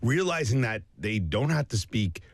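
A man's voice: mid-range voice, very animated, moderate pace, no echo, clean studio sound. A man hosting a podcast, asking thoughtful questions in an easygoing casual chat.

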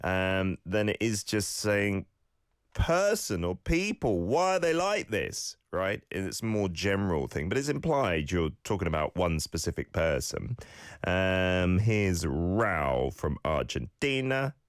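Male host, low voice, playful teasing feedback, dry close sound. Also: very animated, slow, clean tone, no room sound. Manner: playful, teasing feedback with exaggerated example intonation. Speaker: host teaching phrases and playing listener clips. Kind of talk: casual radio-style teaching.

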